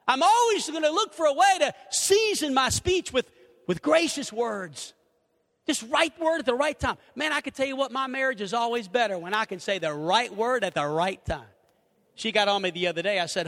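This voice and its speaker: A middle-aged man preaching a sermon, animated, acting out little conversations and swinging between loud and hushed. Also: very high-pitched, brisk. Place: church sanctuary. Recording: reverberant hall.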